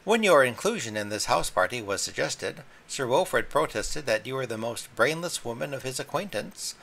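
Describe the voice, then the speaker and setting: A man's voice: medium pitch, animated, moderate pace, creaky, a bit bright, a little hiss or hum, voice pushed up. A man voicing an aloof male house cat who talks in a cold, indifferent drawl. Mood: coldly cutting.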